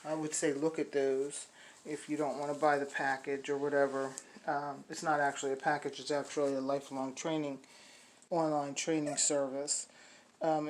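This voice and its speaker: Low-voiced chatty dog breeder woman. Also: a little mellow, low-quality recording. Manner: chatty, rambling with many fillers and restarts; high sing-song baby talk to the puppies. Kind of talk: casual vlog to puppy buyers. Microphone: phone.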